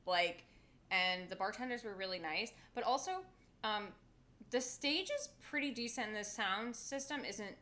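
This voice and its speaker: A woman's voice: mid-range voice, a little slow, bright, forceful tone. A woman co-hosting a podcast in casual chat, talking in a chatty, self-assured way with plenty of fillers. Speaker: podcast co-host.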